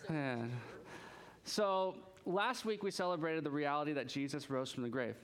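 A man preaching a casual, conversational sermon as a pastor, chatty and animated, joking with the congregation as he goes. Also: a little high, moderate pace, clear, resonant tone.

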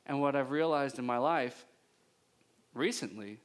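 Unhurried and clean in tone, this male pastor preaches in a conversational style, occasionally self-deprecating and humorous. His voice grows higher and louder as he becomes animated.

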